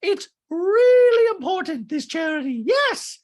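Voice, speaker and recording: A man doing a shrill, tearful socialite woman. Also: sing-song, a little slow, full character voice. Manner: squealing, weepy and high-strung.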